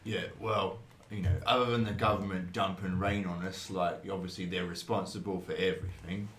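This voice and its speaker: A man's voice: low voice, steady tone, normal speed, a bit bright, a little hiss or hum. A man playing a tabletop game, playful, teasing and eager. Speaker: player. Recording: roomy echo.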